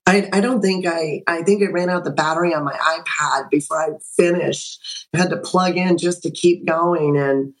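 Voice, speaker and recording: A woman in her sixties, a podcast guest on a video call, telling a personal story in an animated way and acting out the dialogue. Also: on the low side, moderate pace, low-quality recording.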